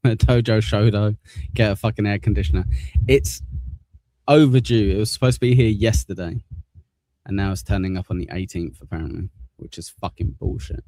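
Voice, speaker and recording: Give me a blunt, low-voiced male stream host. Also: normal speed, warm tone, no room sound. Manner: blunt, swearing, reads viewer messages aloud. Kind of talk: casual live stream chat.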